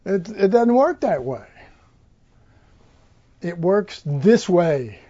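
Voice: mid-range voice, sing-song, slow pace, dark tone, dull audio. A preacher giving an informal Bible teaching, rambling with many fillers and restarts.

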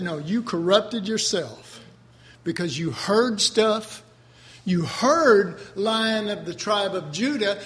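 A man preaching a sermon in an animated way, swinging between loud emphasis and soft low asides, acting out voices from the texts. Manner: acts out voices of figures in the texts.

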